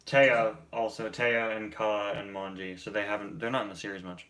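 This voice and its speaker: A young man hosting a casual chat, enthusiastic and quick to laugh. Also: lowish voice, flat delivery, fairly bright tone. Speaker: host.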